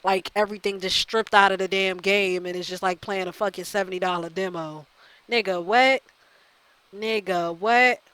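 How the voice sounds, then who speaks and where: A woman's voice: lowish voice, level tone, fairly quick, few pauses, a bit bright, clean tone, dry recording, rough recording. A woman hosting a gaming channel, delivering a profane, exasperated rant that circles back and repeats her points. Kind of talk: ranting video commentary.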